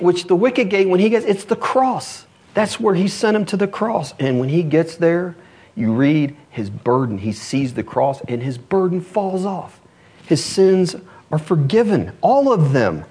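A man preaching a sermon in a storytelling way, moving between high emphatic lines and low, hushed ones. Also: lively intonation, measured pace, husky.

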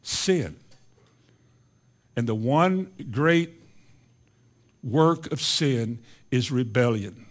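A man preaching a sermon, swinging between loud, emphatic lines and quiet, low asides. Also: lively intonation, very slow, long pauses. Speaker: pastor.

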